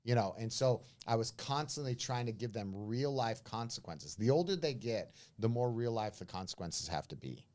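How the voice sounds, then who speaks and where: A middle-aged man, a pastor and guest, telling stories in a casual interview, animated and acting out what people said. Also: medium pitch, normal speed, hardly any pauses. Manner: animated storyteller, acts out quoted voices, says "man" and "bro".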